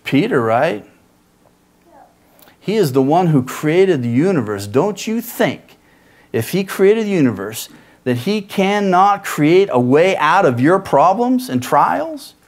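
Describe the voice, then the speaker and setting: Animated preacher with a higher voice. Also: male voice, slow. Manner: animated, rhetorical, frequent "right?" asides. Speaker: pastor. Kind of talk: sermon.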